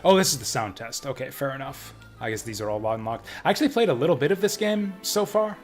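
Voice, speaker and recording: A man's voice: mid-range voice, lively intonation, quick pace, faint music behind. A man streaming a game from home, chatting casually and ranting bluntly with plenty of swearing. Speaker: livestreamer playing games. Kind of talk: casual live-stream commentary.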